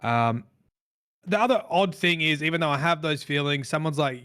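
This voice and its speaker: A man's voice: a little high, expressive, normal speed, a bit bright, clean tone. A man co-hosting a gaming podcast, talking in a reflective, rambling way with frequent restarts. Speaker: podcast co-host. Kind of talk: casual podcast chat.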